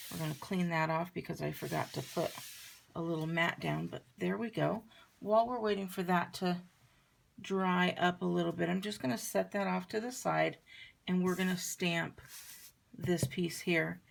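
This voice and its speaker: A woman giving a chatty, relaxed card-making tutorial, talking her viewers through each step as she works. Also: on the low side, moderate pace, gravelly, slight background noise. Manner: chatty, relaxed, talks while working. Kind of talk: crafting tutorial demonstration.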